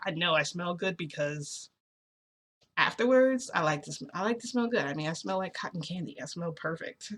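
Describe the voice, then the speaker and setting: A woman's voice: on the low side, animated, moderate pace, a bit bright. A young woman vlogger telling a story in a rambling way, full of fillers and restarts. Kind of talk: storytime narration.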